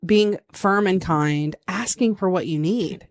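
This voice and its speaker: A woman co-hosting a casual podcast chat, talking in an animated, dramatic way and poking fun at herself. Her voice sits a little low for a woman. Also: slow pace. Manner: animated, dramatic, self-mocking. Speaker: podcast co-host.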